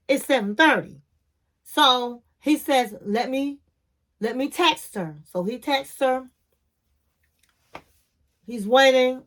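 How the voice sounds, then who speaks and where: Slow-talking woman recapping reality TV. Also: high-pitched, a bit bright. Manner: retells scenes, quoting people with sassy asides. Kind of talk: casual recap chat.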